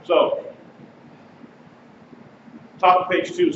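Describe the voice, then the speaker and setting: A man with a high voice preaches to his congregation, speaking casually between readings. He was recorded from across a very echoey sanctuary. The sound is dull, with steady noise under it. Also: moderate pace, pauses often. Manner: conversational preaching, reads passages aloud. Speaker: pastor. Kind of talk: sermon. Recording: distant mic, echoey sanctuary, dull and noisy.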